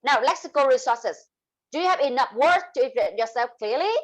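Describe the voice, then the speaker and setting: Woman teacher, Vietnamese accent, high voice, slow modeled examples. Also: animated, highs cut off. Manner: switches between English and Vietnamese explanations, drawn-out examples. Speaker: English teacher. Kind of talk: online class lesson.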